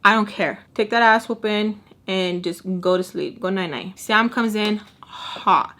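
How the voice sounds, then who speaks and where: This storytime vlogger, a young woman, keeps a measured pace and a sharp tone in her mid-range voice. Her casual story is chatty and sassy, with quotes acted out.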